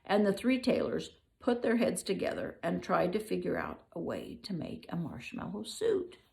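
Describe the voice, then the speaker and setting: A woman's voice: lowish voice, wildly swooping pitch, moderate pace, vocal fry, a little mellow. An older woman reading a children's book aloud, with playful asides to the listener.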